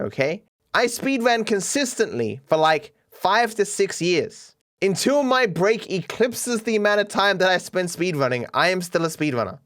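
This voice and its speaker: Australian man, streamer, lively pitch, slightly high, wry commentary, chuckling. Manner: wry, self-mocking, chuckles often. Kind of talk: casual commentary reacting to memes.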